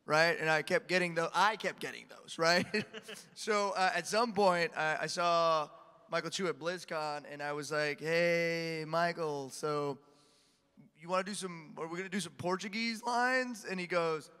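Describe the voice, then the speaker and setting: A man on a convention panel, telling animated stories and laughing often as he answers questions. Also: a little high, measured pace, smooth. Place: large convention hall. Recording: echoey hall reverb.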